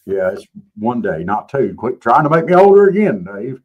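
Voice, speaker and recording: A man's voice: mid-range voice, very animated, normal speed, narrow, tinny audio, crowd noise. A man, co-hosting a casual chat show and telling laid-back, joking stories. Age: 50s. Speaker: show co-host.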